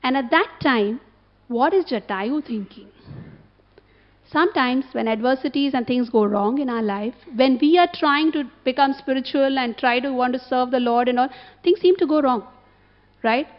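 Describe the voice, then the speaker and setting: A woman delivers a storytelling sermon in a high voice. She keeps drawing her listeners in with short tag questions. The recording is dull and lo-fi. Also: normal speed. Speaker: temple speaker.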